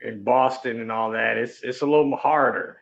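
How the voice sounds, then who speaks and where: A relaxed, streetwise man chats casually as a podcast guest and swears freely. His voice sits at an ordinary pitch. The audio is dull and lo-fi. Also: normal speed, gravelly. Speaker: podcast guest, truck driver. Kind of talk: casual chat. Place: on the road, remote call.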